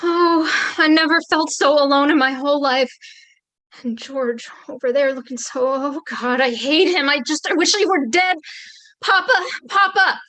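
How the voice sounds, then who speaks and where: Brief: woman as a scared, pleading young bride, high bright voice. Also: fairly even intonation, normal speed. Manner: tearful, pleading. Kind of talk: staged play reading.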